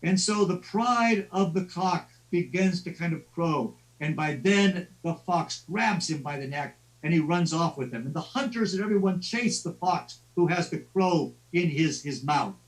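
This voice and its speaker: Guy giving a literature lecture on a stream, chatty storyteller, trips over words, high voice, mic far off. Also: expressive, a little slow, hardly any pauses. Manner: conversational storytelling with stammered restarts. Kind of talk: class lecture on a live stream.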